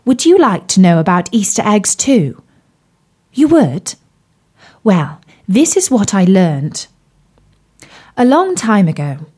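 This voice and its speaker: A woman storyteller reading a children's story aloud in a gentle, sing-song manner. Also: mid-range voice.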